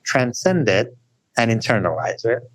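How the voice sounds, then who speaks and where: A man telling stories as a guest scholar in a podcast interview, animated and often adding "right?". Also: measured pace, slightly rough, no room sound. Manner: animated storyteller, rising high for emphasis; frequent "right?" tags.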